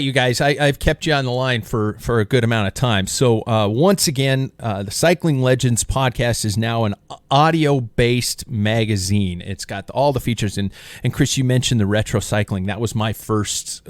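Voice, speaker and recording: Enthusiastic host, low dry voice. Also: male voice, dry recording. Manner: enthusiastic, quick interjections. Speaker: podcast host and sports PA announcer. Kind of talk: casual interview chat.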